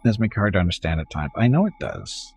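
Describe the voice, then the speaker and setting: Low-voiced Canadian man streaming a game. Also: quick pace, husky, faint music behind. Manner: relaxed rambling, talks to chat. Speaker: gaming streamer. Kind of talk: casual live gameplay commentary.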